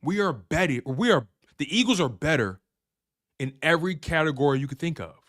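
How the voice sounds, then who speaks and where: Hyped sports show host. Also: male voice, on the high side, expressive, a little fast, fairly bright tone. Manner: repetitive, hyped, trash-talking fan banter. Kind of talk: animated sports talk livestream.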